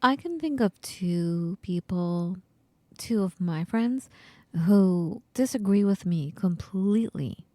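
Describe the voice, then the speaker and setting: A woman co-hosts a podcast, chatting casually in a mid-range voice at a slow pace, with a dry recording. She's an animated storyteller who acts out the voices of people in her stories.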